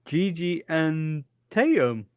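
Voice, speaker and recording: A man gives relaxed, unhurried commentary as he hosts a live watch-along. His pitch swings lively from line to line, and he laughs often. The sound is dry and close. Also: clear, resonant tone, no room sound, muffled recording. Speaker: live stream host. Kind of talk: casual wrestling watch-along chat.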